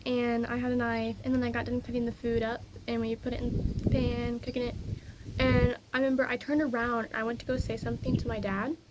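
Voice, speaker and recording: A woman's voice: on the high side, a little mellow, slight background noise. A young woman rambling in a casual vlog, easily distracted and full of fillers, talking outdoors by her garden into a phone. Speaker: vlogger. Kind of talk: casual personal vlog chat.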